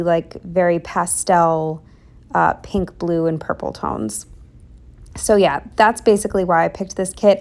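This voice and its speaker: A young planner vlogger records a casual voiceover for a planning video, sounding exhausted and exasperated as she rambles and slips into whispers. Her voice is medium in pitch and a little mellow.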